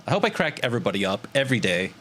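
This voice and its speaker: A man's voice: medium pitch, racing. Chatty young man streaming live. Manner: animated, laughs often, swears casually. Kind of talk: casual livestream chat to viewers.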